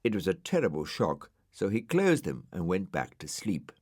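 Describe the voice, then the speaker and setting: A man reads a children's storybook aloud in an expressive, unhurried way. His voice is lowish and his pitch travels a great deal, and the recording is close and dry with no room sound. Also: no echo. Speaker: audiobook narrator.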